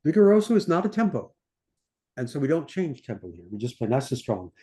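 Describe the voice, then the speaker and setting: Older man, mellow, sings score lines. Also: mid-range voice, big pitch swings. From United States. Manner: sings orchestral lines in scat syllables between explanations; unhurried, thinking aloud with fillers. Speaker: conductor teaching a masterclass. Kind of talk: score-study masterclass talk.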